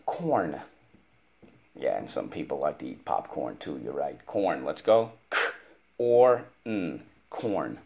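A man's voice: low voice, creaky, a little mellow. A man teaching a spelling lesson to a child, patiently spelling words out letter by letter and giving encouragement.

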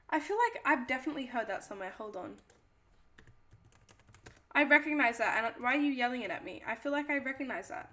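A playful woman streamer with a high, bright voice. She chats casually, reads her viewers' messages aloud and answers them one by one. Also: animated, fairly quick, pauses often. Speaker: live streamer. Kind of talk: casual live-stream chat.

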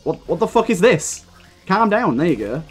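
A man's voice: sits high, sing-song, normal speed, breathy edge, soft background music. A young man giving live gameplay commentary, ranting heatedly and swearing often as he plays. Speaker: gaming video creator.

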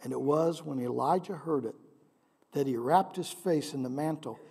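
A man's voice: a little high, normal speed, creaky, a little mellow, breathy edge. A male pastor delivering a sermon in a conversational way, often putting questions to his congregation. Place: church sanctuary. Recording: long reverb of a large hall.

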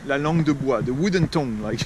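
Out on a town street with traffic noise in the background, a man from France talks for his vlog in a rambling, filler-heavy way, his French accent clear. He speaks fast at medium pitch, with lively intonation and a darkish tone.

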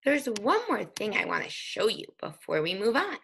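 A woman teaching an early reading lesson, speaking slowly and sounding out letters for young children. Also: medium pitch, big pitch swings, creaky, a bit bright, a little hiss or hum. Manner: slow, sing-song, sounding out letters.

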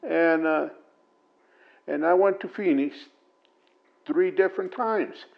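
Gravelly older man recalling his youth. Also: a little high. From Prescott, Arizona. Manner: plain unhurried storytelling with many pauses and fillers. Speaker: oral history interviewee. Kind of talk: recounting memories. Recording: dull lo-fi tape recording.

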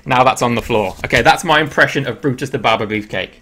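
A man's voice: mid-range voice, fast, sharp tone, slightly rough. A man with an English accent, hosting a casual livestream, chatting loosely, answering viewers' questions aloud and laughing at himself. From England. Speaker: livestream host. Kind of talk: casual live-stream chat.

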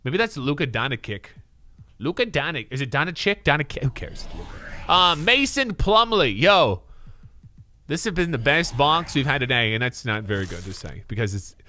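Excitable bright-voiced male streamer. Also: mid-range voice, normal speed, slight background noise. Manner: loud, excitable, swears, talks to chat. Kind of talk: excited live-stream chatter.

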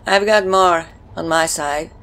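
Let's-play host, woman, slow, gravelly, emotional commentary. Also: on the low side, fairly bright tone. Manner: emotional, reflective. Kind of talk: gameplay commentary.

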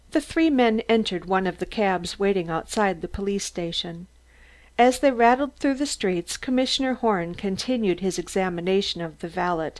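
Narrator: woman, mid pitch, calm even audiobook reading. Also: normal speed. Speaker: audiobook reader.

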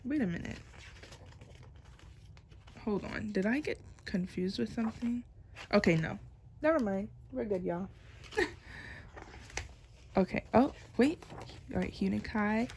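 A woman's voice: medium pitch, animated, unhurried, gravelly, long pauses, a little mellow, slight background noise. A young woman chatting playfully as she unboxes an album, laughing and complaining dramatically. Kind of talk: casual unboxing chat.

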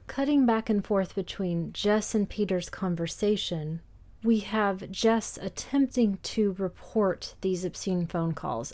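A woman's voice: fairly low pitch, darkish tone. A woman co-hosting a film podcast, recapping scenes in detail in a casual discussion and laughing easily. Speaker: podcast co-host.

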